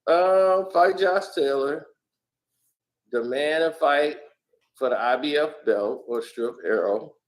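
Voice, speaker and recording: A man being interviewed, telling stories in a casual, animated way. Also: fairly high pitch, slow, rough recording. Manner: animated, lively storyteller. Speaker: interview guest. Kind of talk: casual storytelling.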